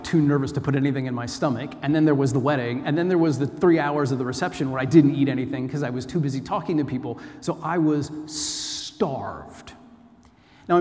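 American preacher in a reverberant hall. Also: male voice, a little high, darkish tone. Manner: chatty, self-deprecating, storytelling. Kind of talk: informal sermon.

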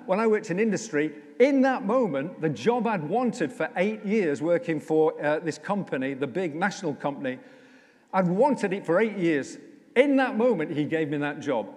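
A man, a vicar, preaching a conversational sermon with humour, slowing down to stress key lines, in a church. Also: high-pitched, a little mellow. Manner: conversational, humorous, slows down for emphasis. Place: church, indoors. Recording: echoey church hall.

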